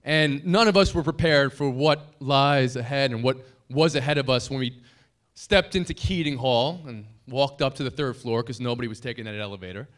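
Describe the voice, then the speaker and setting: A man's voice: medium pitch, normal speed, few pauses, a bit bright. A man in his thirties, a broadcaster giving an anniversary dinner speech at a podium microphone, self-deprecating and funny but sincere and grateful. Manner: joking, self-deprecating storyteller; heartfelt, grateful tribute. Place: banquet hall dinner.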